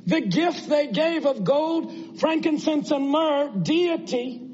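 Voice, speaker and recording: A man's voice: very high-pitched, slow pace, a little mellow, highs cut off, a little hiss or hum. A man preaching a sermon in an earnest, conversational way, asking his listeners rhetorical questions.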